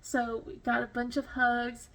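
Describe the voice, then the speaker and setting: High pitched lady vlogger rambling on, um like uh, gets emotional, laughs a lot. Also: completely flat delivery, a little slow, a bit bright. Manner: rambling storytelling with many fillers and restarts. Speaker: crafting vlogger. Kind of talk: casual chat.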